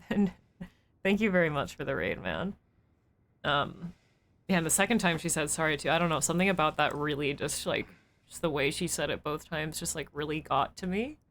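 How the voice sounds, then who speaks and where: A woman's voice: deep voice, a bit bright. Rambling, reflective woman streamer. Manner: rambling and reflective, many fillers and restarts. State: emotional and weepy. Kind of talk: live-stream gameplay commentary.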